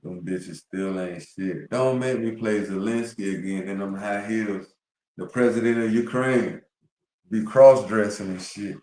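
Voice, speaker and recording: A man's voice: fairly low pitch, measured pace, a little mellow, roomy sound. A man streaming live, talking casually to his viewers, rambling and profane with heavy slang.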